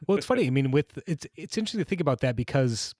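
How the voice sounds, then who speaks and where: A man's voice: on the high side, sing-song, racing, darkish tone, no room sound, clean studio sound. A man co-hosting a podcast in casual chat, rambling and hunting for names as he talks. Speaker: podcast co-host.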